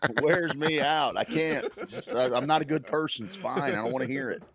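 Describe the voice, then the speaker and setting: A man's voice: medium pitch, brisk, fairly bright tone. A man co-hosting a casual podcast, joking sardonically and swearing freely. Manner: sardonic, profane, jokey. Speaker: podcast co-host. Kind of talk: casual chat.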